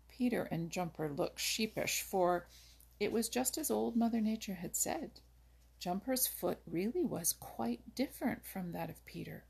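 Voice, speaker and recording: A woman narrating an animal storybook, reading aloud in a gentle, measured way. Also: fairly low pitch, vocal fry, slightly rough.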